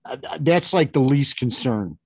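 Male podcast co-host, mid-pitched, joking and enthusiastic, casual chat, dry mic. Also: animated, a little slow, a little mellow, breathy edge, no room sound.

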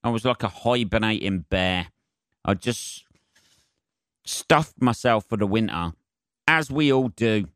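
A man's voice: lowish voice, a little slow, long pauses, fairly bright tone, no room sound, clean studio sound. Sweary chatty man. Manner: sweary, chatty, self-mocking. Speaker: podcast host. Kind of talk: rambling solo podcast monologue.

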